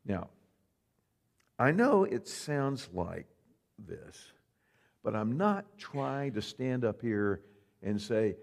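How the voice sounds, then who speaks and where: A man's voice: lowish voice, lively intonation, takes it slowly, creaky. A male pastor preaching an earnest, conversational sermon with folksy asides.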